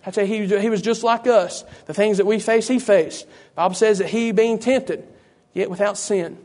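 A man preaches a sermon in a high, ringing voice. He keeps turning to the congregation with "you know what?" and rhetorical questions, building his points through repetition. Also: fairly even intonation, normal speed, darkish tone. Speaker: pastor.

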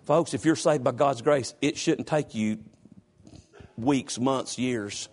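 A man preaching a sermon in a church, swinging from low, quiet talk to high, shouted passages. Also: slow pace.

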